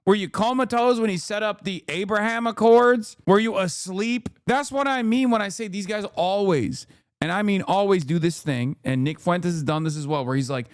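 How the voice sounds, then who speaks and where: High-voiced male streamer, dry close mic; heated, mocking, profane reaction rant. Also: normal speed, dry recording. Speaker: streamer host reacting to clips.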